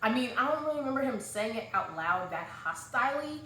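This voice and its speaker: A woman's voice: fairly high pitch, sing-song, fairly quick, bright, forceful tone. Chatty Southern woman rambling about a book. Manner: chatty, rambling, full of fillers. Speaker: book vlogger. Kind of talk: casual book summary. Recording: echoey room.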